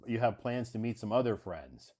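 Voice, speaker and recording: A man's voice: fairly low pitch, animated, moderate pace, warm tone. Encouraging male English teacher. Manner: encouraging, rephrases and corrects the student. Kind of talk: casual conversation lesson.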